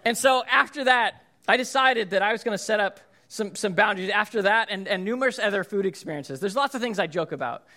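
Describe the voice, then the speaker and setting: Pastor guy preaching, high bright voice, really animated storytelling. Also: brisk, few pauses. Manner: animated storyteller, shouts in acted-out quotes. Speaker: lead pastor. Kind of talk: sermon with a humorous story.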